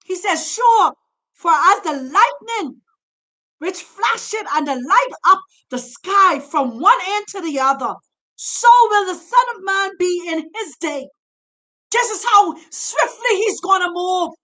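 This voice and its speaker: A woman preaching a sermon, fervent and impassioned, shouting her exhortations and at times near tears. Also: very high voice, lively intonation, slow.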